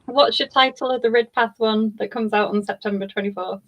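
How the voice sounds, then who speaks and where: Woman host, interviewer, slightly high voice, easy informal questions. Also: fairly even intonation, fairly quick, fairly bright tone. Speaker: book club interviewer.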